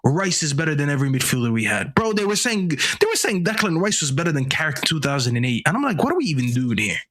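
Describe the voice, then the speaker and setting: Husky, lively man mocking rival fans. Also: on the high side, fast. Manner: animated, mocking, sweary. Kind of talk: casual chat.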